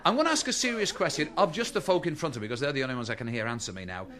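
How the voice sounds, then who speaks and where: A man's voice: a little high, lively intonation, racing, a bit bright. A middle-aged man with a Liverpool accent doing a live stand-up routine, chatty and teasing as he spins jokes for the audience. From Liverpool, England. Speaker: stand-up comedian. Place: stage before a live audience.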